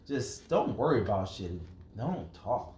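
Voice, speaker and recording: A young man co-hosting a casual podcast, delivering provocative lines in deadpan. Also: mid-range voice, unhurried. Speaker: podcast co-host. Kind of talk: casual chat. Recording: echoey room, faint background noise.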